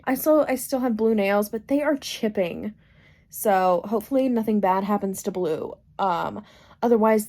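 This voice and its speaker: A woman talking casually to camera at home about books she has been reading. Her voice sits a little high, and she chats in a gushing, rambling way, full of fillers and quick restarts. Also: dark tone. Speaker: book vlogger.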